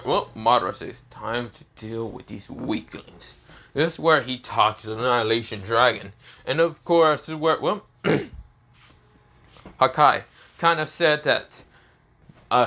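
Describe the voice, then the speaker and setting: A man's voice: medium pitch, sharp tone. A man with a sore throat telling an improvised fan story, rambling and full of fillers and restarts.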